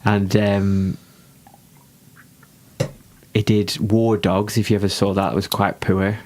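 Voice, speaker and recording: Laid-back male co-host with a lower voice and dry, easygoing delivery. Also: flat delivery, slow pace, a little mellow. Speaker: podcast co-host. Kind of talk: casual chat.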